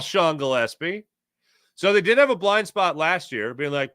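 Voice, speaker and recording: A man's voice: fairly high pitch, brisk, no room sound, clean studio sound. A man hosting a casual sports talk show, reading viewer chat and telling stories in a chatty way with frequent laughs. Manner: animated, chatty, laughs often, storytelling.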